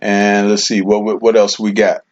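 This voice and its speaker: A man's voice: fairly low pitch, flat delivery, normal speed. A man hosting his own livestream, chatting casually and reading viewer comments aloud in a laid-back way, with lots of "man" and "you know.". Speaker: livestream host. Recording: dull lo-fi stream audio.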